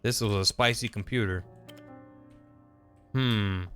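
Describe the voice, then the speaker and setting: Guy streaming a story game, bright lively voice, playful, faint music behind. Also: fairly low pitch, slow pace. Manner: playful, reading game dialogue aloud. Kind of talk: casual gameplay commentary.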